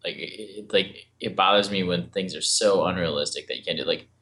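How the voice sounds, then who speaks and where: A man co-hosting a casual podcast discussion, ranting in an animated way with frequent swearing. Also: deep voice, fairly quick.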